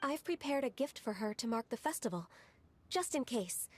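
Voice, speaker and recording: An actress playing a gentle, shy young woman who speaks softly and hesitantly, with little pauses. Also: a little high, expressive, a little hiss or hum, close to an everyday voice. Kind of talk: game voice acting.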